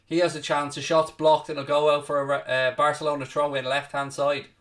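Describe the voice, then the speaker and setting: A man hosting a live football watchalong, commentating casually, swearing a little, mocking himself, and shouting out loud at big chances. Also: fairly high pitch, little pitch movement, fairly quick, far from the mic. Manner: self-deprecating, swears casually. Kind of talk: live match commentary and chat with viewers.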